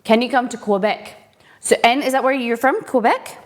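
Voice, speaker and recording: A woman's voice: a little high, moderate pace. A woman hosting a live cooking stream, chatting casually with viewers and greeting them by name.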